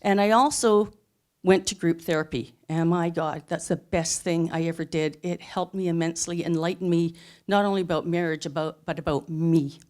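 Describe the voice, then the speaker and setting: A woman's voice: on the low side, fairly even intonation, normal speed, a little mellow. A middle-aged woman telling a personal story live on a theatre stage, earnest and emphatic. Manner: earnest, emphatic, plain-spoken.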